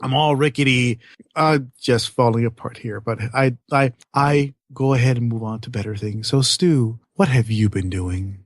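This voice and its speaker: A man in his late thirties, hoarse and hungover, co-hosting a casual gaming podcast with self-mocking rambling. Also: mid-range voice, moderate pace, no room sound, clean studio sound. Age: late 30s. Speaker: podcast co-host.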